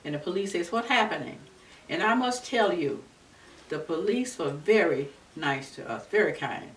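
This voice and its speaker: A woman in her seventies from Florida, recalling her civil rights days in an earnest, unhurried oral-history telling. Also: lowish voice, animated. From Florida, USA. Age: 70s. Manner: earnest, unhurried storytelling with many restarts. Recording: roomy, distant mic with faint background noise.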